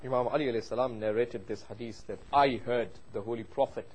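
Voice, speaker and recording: A man delivering a sermon in English, a native Persian speaker, rising loud on key points and dropping low and quiet when telling a story. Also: fairly even intonation, quick pace, breathy edge, poor audio. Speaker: preacher.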